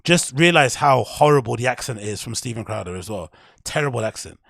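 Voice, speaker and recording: A man's voice: mid-range voice, expressive, a little fast, vocal fry, fairly bright tone, no room sound, clean studio sound. A man hosting his podcast, ranting in a casual, profane, heated and rambling way. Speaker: podcast host. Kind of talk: casual commentary rant.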